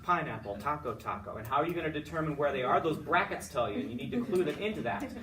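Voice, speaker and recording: A man's voice: a little high, expressive, rapid-fire, far from the mic, crowd noise. A man giving a student chatty, upbeat feedback after a choral conducting lesson, with lots of fillers and restarts. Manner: sings solfege and chants rhythm words to demonstrate.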